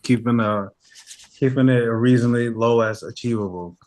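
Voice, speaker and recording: A man's voice: medium pitch, moderate pace, a little mellow. A male student answering a teacher's question, hesitant and full of fillers.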